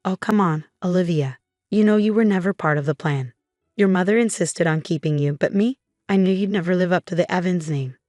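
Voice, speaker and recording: A man's voice: high voice, a little fast, a little mellow, dry recording, faint music behind, natural voice. A woman reading as a cold, scornful drunk father. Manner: blunt and scornful. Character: drunk, cold, dismissive middle-aged father.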